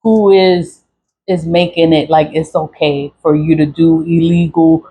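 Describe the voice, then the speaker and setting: A woman's voice: sits low, steady tone, a little slow, warm tone, a little hiss or hum, poor audio. A woman vlogger venting to camera in a profane, repetitive rant, with short laughs and sighs. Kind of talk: angry venting monologue to camera.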